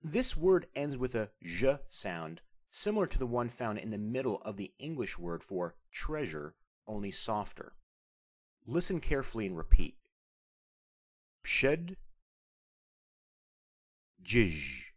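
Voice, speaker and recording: Male language instructor, scripted lesson narration, animated rising-and-falling delivery, careful articulation. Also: medium pitch. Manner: careful, deliberate, spells out sounds slowly.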